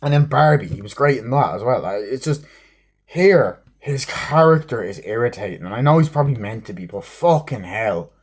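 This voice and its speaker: A man's voice: medium pitch, animated, normal speed, breathy edge. A man giving a casual, rambling movie review, swearing often and filling gaps with um and like. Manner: rambling, heavy swearing, many fillers. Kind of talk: casual rambling plot recap.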